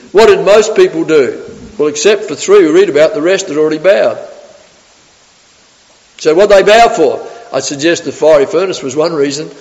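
Male preacher, slightly high voice, animated sermon in a reverberant church hall. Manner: animated, acts out the story in character voices.

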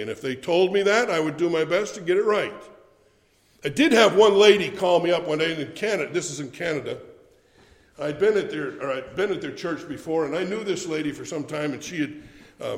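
A man's voice: fairly high pitch, expressive, a little fast, long reverb tail. A man preaching a sermon, telling a funny story with playful swings in his voice.

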